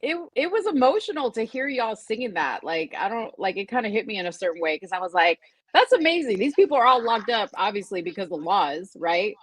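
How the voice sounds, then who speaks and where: A woman co-hosting a podcast, talking casually and reacting with quick interjections. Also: mid-range voice, very animated. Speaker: podcast co-host. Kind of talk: casual chat.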